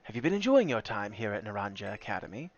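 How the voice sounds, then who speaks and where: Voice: mid-range voice, sing-song, quick pace, dull audio, pitched below the performer's own voice. A man doing a stiff, pompous school principal. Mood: formal. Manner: stiff, overly polite, long-winded.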